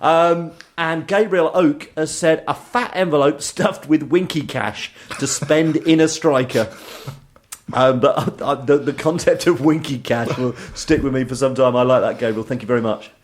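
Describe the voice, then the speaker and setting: A man's voice: on the high side, normal speed. A married man hosting a fan radio show, joking and laughing as he reads out listener messages. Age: adult, married. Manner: jokey, laughs often while reading listener messages. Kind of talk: casual chat.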